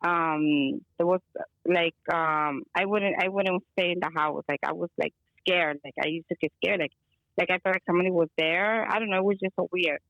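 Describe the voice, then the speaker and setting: Woman, gravelly, chatty rambling storyteller, lots of fillers, dull lo-fi call audio. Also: on the low side, fairly even intonation, moderate pace, a bit bright, no room sound. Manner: rambling, filler-heavy, mixes in Spanish phrases. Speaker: guest caller. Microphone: phone or video call.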